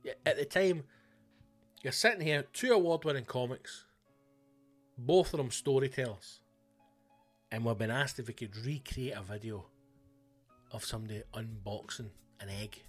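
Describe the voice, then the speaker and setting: A Scottish man with a mid-pitched voice rants through a casual comic monologue, blunt and full of swearing. He talks as a podcast host, with faint music behind him. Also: moderate pace, long pauses.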